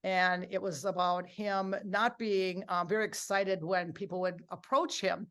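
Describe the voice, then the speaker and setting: A middle-aged woman presenting a live workshop, upbeat and coaxing her audience to join in, acting out quotes with lively voices. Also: mid-range voice, a little slow.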